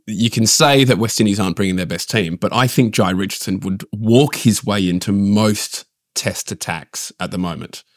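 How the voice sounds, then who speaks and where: Man, podcast co-host, opinionated ranter, lowish voice, dry close sound. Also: normal speed, few pauses, no echo. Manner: opinionated, ranting. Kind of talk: casual cricket podcast chat.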